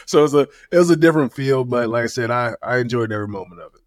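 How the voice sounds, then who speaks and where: A man in his thirties talks as the guest in a relaxed interview, humble and easygoing, leaning on "you know" as he goes. His words come quickly. The sound is dry and close, with no room around it. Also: mid-range voice, no room sound. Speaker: guest, former pro running back. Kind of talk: casual interview chat.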